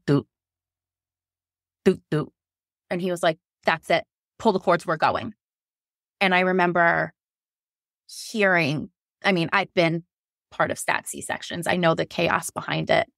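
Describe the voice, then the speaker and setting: A woman in her thirties who works as a nurse shares her birth story as a podcast guest, openly emotional and acting out her quoted lines with rising pitch. Her voice is creaky and a bit bright, recorded at studio quality with no room sound.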